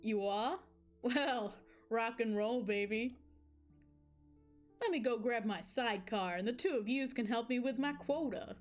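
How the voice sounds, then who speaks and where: Slangy, swaggering male baby Cupid, biker greaser type, high-ish read; woman voicing. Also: a little slow, faint music behind, lightly acted. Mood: upbeat.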